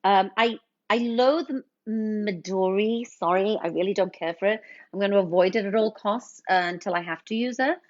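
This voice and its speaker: A woman's voice: mid-range voice, moderate pace. A woman hosting a casual cocktail livestream, chatting as she mixes drinks and greeting viewers with pet names like honey. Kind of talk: casual livestream chat while mixing drinks. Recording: slightly dull lo-fi stream audio.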